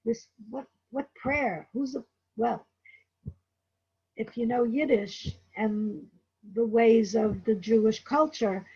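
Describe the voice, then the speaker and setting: A woman's voice: a little high, dark tone, breathy edge, dull audio. A woman giving a casual spoken book review, talking to the listener with digressive asides.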